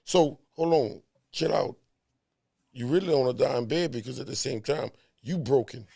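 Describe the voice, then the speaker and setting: A man's voice: mid-range voice, normal speed, vocal fry, mellow, breathy edge. A man in a casual heart-to-heart talk, emphatic and preachy, repeating words to drive points home.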